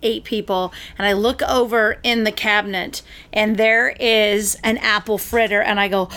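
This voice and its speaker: A woman co-host chatting casually and telling a lively story, acting out what people said. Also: mid-range voice, normal speed. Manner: chatty, animated storyteller who acts out quotes.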